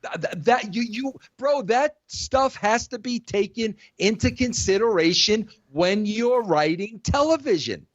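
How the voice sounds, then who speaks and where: A man's voice: high voice, expressive, unhurried, hardly any pauses, no echo, highs cut off. A middle-aged man hosting a podcast who argues his point emphatically in a heated casual debate, calling the other man "bro" again and again. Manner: emphatic, says "bro" a lot. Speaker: podcast host.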